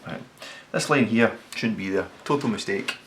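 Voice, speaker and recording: A man talking casually as he sketches, thinking aloud, correcting himself and sometimes dropping to a quiet mutter. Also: on the low side, moderate pace, faint music behind. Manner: relaxed, thinks aloud, self-correcting, drops to mutters while working. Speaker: designer sketching on camera. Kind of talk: casual commentary while sketching.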